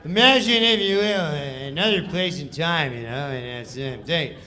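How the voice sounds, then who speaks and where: A man putting on a laid-back male comedian who mumbles a spooky intro lazily, with halting fillers. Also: a little high, pushed and bright, poor audio. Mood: lazy, offhand.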